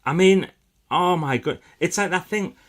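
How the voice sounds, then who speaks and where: A man's voice: sits high, moderate pace. A man hosting a casual live stream, chatting upbeat with viewers and breaking into bursts of enthusiasm.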